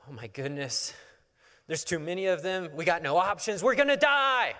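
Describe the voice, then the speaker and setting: A man voicing a terrified young male servant who cries out in panic in a frantic, high voice. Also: lively intonation, normal speed, pushed and bright. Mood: panicked. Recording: long hall reverb.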